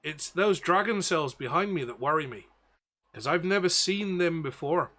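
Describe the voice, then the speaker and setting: A blustering male sea captain in a tabletop game, his Belfast accent rough and homemade, as a game master puts him on. The tone is bright and forceful and sits fairly high for a man. He frets about his ship and boasts about his cannons. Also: expressive, normal speed. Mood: gruff. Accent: Belfast, put on. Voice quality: rough, self-admitted poor accent.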